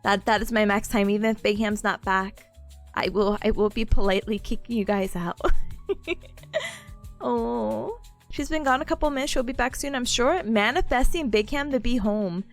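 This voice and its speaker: A woman's voice: on the high side, moderate pace, soft background music. A young woman streaming casually, playful and giggly, mocking herself as she chats to her viewers. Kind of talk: casual live-stream chat.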